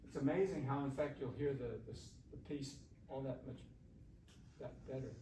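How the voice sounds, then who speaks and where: A man leading a shakuhachi workshop, coaching students on their breathing in a relaxed, encouraging way. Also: mid-range voice, normal speed. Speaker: shakuhachi teacher. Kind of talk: workshop instruction. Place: classroom. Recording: roomy, distant mic, faint room noise.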